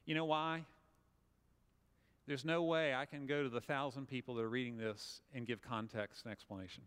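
A man's voice: medium pitch, steady tone, moderate pace, fairly bright tone, smooth. A man with a Southern US accent giving a conversational, humorous motivational talk, acting out little scenes for the audience. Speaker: speaker. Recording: long hall reverb.

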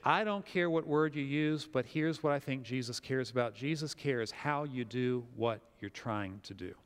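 A man preaching a sermon as pastor, telling a story with lively acted-out quotes. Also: mid-range voice, moderate pace, clean tone, long reverb tail.

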